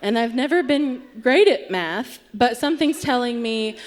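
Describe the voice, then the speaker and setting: A woman's voice: a little high, animated, moderate pace. A woman telling a wry, self-deprecating story on a theatre stage, acting out what people said. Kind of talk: live comic storytelling.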